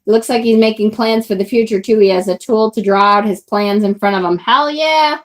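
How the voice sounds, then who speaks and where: A woman's voice: mid-range voice, a little fast. A woman hosting a live tarot stream, chatting enthusiastically and reading viewer comments aloud. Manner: enthusiastic, chatty, swears casually. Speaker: tarot livestream host. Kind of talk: casual live-stream chat.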